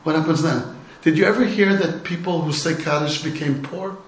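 Middle-aged rabbi guy, high lively voice, jokey storyteller, roomy echo. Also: normal speed. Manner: animated, humorous storyteller with rhetorical questions. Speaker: rabbi teaching a class. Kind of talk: storytelling Torah talk. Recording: echoey room.

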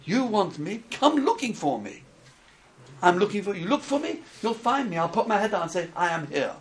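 A man's voice: high voice, very animated, moderate pace, slight background noise. A man quoting a patient divine voice. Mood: calmly inviting. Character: patient divine voice addressing a person.

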